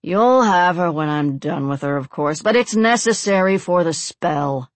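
A woman's voice: on the low side, animated, unhurried, no echo. A woman voicing a hardened old male cult priest who speaks solemnly and gloats with cruel command. The recording is dry and close. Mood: gloating.

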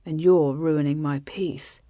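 A woman narrator voicing an ardent, wry young nobleman in a lowered, hushed voice that slips into a breathy whisper. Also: lively intonation, moderate pace, dry recording, clean studio sound, exaggerated voice. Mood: low murmur. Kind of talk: audiobook character voice.

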